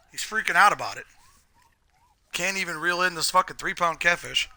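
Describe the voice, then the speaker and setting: A man's voice: high voice, normal speed, long pauses, bright, forceful tone. A man chatting casually on a live game stream, telling rambling, profane stories while he plays.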